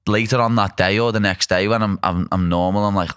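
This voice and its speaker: A man's voice: on the low side, fairly even intonation, brisk, fairly bright tone, clear, resonant tone, dry recording, studio quality. A young man with a Liverpool accent hosting a casual chat, blunt and self-deprecating. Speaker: podcast host.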